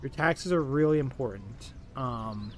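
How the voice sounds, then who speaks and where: A man's voice: mid-range voice, measured pace, slight background noise. A young man, chatting in a loose, rambling way as a tired streamer. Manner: rambling, full of fillers and restarts, tired. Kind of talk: casual rambling chat.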